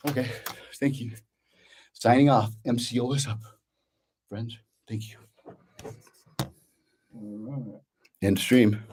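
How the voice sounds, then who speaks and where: A man's voice: mid-range voice, slow pace, pauses often, heavy background noise. A man streaming his rap recording session, talking casually and profanely between takes in a brash, grumbling way.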